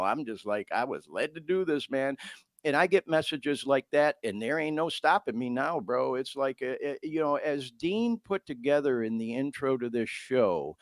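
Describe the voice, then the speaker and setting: A man's voice: mid-range voice, no echo. A man hosting a podcast, talking earnestly and emotionally as he reads out messages he received. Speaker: podcast host. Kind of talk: heartfelt podcast talk.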